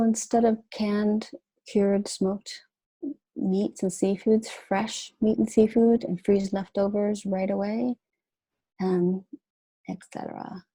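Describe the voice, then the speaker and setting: Woman presenter talking through slides, husky voice, dry close sound. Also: medium pitch, dark tone, no room sound, rough recording. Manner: informal, with fillers and restarts. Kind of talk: webinar lecture.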